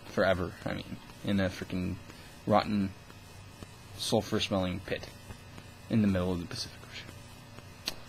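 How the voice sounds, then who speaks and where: A man's voice: sits low, level tone, normal speed, creaky, long pauses, a little hiss or hum, rough recording. A young man talking into the camera in a casual vlog, ranting with scorn and constant swearing. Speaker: vlogger.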